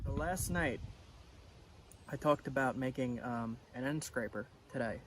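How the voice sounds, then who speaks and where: A man's voice: mid-range voice, unhurried. A man on a camping trip, talking casually to the camera and explaining each step as he works. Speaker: outdoor vlogger. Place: outdoors in the wilderness. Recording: outdoor noise in the background.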